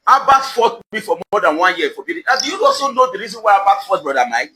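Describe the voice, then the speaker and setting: Nigerian man, confrontational vlog rant, high lively pitch, bright sharp voice, repeats questions. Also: fast talker, hardly any pauses, slight background noise, low-quality recording. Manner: emphatic, accusatory, repeats questions for effect. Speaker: social media commentator. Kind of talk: confrontational direct-to-camera rant. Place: outdoors at his house compound.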